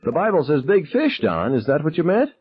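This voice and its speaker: Guy doing a wild high-pitched teen gunman, screaming questions, husky, lo-fi audio. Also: wildly swooping pitch, fairly quick, full character voice. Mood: shrill, menacing. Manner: high, shrill interrogating shouts. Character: frantic male teen gunman, shrieking questions. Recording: dull lo-fi sound.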